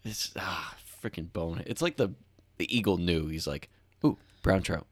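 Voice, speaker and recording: Podcast co-host, male, deep voice, dry close mic, animated storyteller. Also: moderate pace, dry recording. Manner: animated storyteller, acts out shouted quotes. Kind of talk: casual chat.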